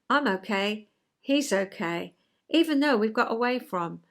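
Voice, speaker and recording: A woman, hosting a chatty vlog and explaining ideas in a gentle, conversational way, acting out little everyday scenes. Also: mid-range voice, normal speed, creaky. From England. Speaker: vlog host, retired counsellor.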